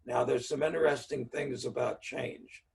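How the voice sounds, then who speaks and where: Male trainer, heavy vocal fry, plainspoken teacher, recorded at a distance from the mic. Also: medium pitch, steady tone, moderate pace, a little mellow. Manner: plainspoken teaching with everyday examples. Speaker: NLP trainer giving a talk. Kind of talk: virtual speaker-series talk.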